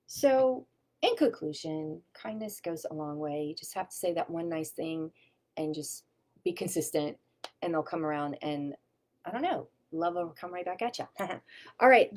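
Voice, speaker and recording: A woman hosting a casual live stream, telling a story and then pitching wellness products in a chatty, animated way with casual swearing. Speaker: wellness advocate host.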